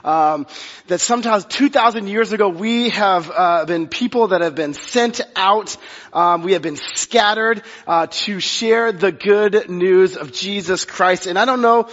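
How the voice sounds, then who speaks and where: A man's voice: sits high, a little slow, a bit bright. A man in his thirties, a pastor, giving a conversational sermon with many fillers and restarts. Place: church sanctuary. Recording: muffled sound with long reverb of a hall.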